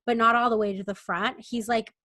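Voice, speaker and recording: A woman's voice: fairly high pitch, fairly even intonation, a little fast, fairly bright tone, dry recording. A young adult woman co-hosting a podcast, telling a rambling, self-mocking story in a casual chat. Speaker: podcast co-host.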